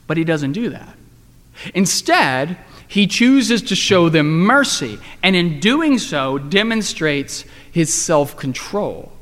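A man pastor giving a sermon, swinging between emphatic lines and hushed, slow emphasis. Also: fairly high pitch. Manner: dynamic preaching, rising and dropping to quiet emphasis. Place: church. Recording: long reverb of a large room.

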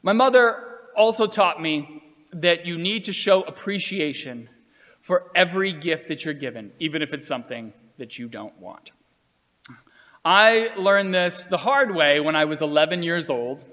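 A man telling personal stories in an earnest, measured way, acting out quotes along the way. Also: on the high side, expressive, bright, forceful tone, in a large hall. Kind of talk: storytelling talk.

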